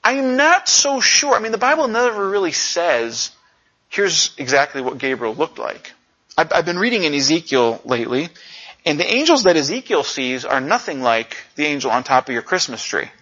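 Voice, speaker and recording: A middle-aged man preaching a conversational sermon, telling stories and acting out quotes with animated energy. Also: fairly high pitch, moderate pace. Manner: animated storyteller, acts out quotes. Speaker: pastor. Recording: dull lo-fi recording.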